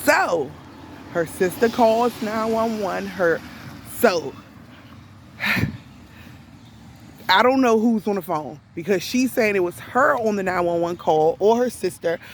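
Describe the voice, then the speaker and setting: A woman retelling an event to viewers in casual speech, deliberate and emphatic, pressing her points with rhetorical questions. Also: medium pitch, slight background noise. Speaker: storyteller recounting an event to viewers.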